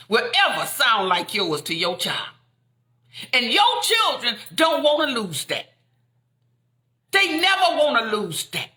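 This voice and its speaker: A woman preaching fervently, repeating lines and building up to shouts. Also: sits high, roomy sound. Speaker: inspirational speaker. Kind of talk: impassioned preaching.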